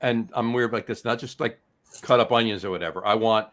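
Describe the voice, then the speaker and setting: A man's voice: on the low side, brisk, fairly bright tone. A man co-hosting a casual podcast, chatty, often repeating words as he gathers his thoughts. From New Jersey. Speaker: podcast co-host. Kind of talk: casual chat.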